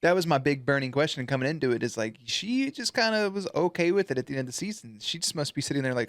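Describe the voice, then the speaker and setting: A man's voice: a little high, quick pace, few pauses. Slangy, cussing man reacting to a show. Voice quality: profane, slangy, animated. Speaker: reaction video host. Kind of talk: casual reaction commentary.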